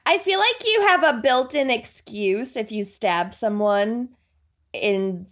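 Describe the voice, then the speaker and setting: A woman co-hosting a casual podcast who chimes in with quick jokes and laughs. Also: on the high side, animated, fairly bright tone. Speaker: podcast co-host. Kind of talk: casual chat.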